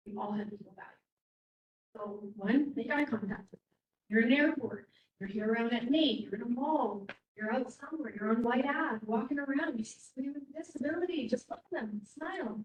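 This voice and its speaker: A woman's voice: a little high, darkish tone, dull audio. A woman with a Canadian accent giving a casual, frank keynote speech, stressing points by repeating them. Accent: Canadian English. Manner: casual and frank, with quick laughs and emphatic repetition. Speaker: keynote speaker. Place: large hall. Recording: echoey hall, mic at a distance.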